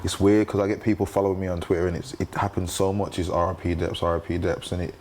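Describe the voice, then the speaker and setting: A very low, mellow-voiced man conducts an interview in a soft, halting way. A faint background hiss sits under his voice. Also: flat delivery. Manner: soft-spoken, halting, with listening murmurs. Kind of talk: gentle interview questions.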